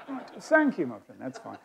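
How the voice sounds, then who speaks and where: A man's voice: medium pitch, gravelly, slight background noise. A man performing live stage magic, chatting with volunteers in a self-mocking, joking way. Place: stage of a magic society hall.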